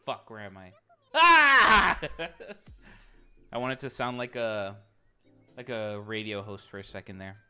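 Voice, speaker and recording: A male streamer chatting with his viewers in a profane, excitable way, often bursting into loud outbursts. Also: on the low side, measured pace, pauses often, smooth. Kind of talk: live-stream banter.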